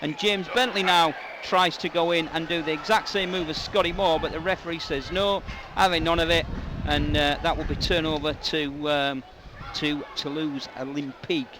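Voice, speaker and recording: A man giving live radio commentary on a rugby league match, his voice rising into shouts on attacking plays. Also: a little high, fairly even intonation, normal speed, few pauses. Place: stadium commentary position. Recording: outdoor stadium with loud crowd and noise.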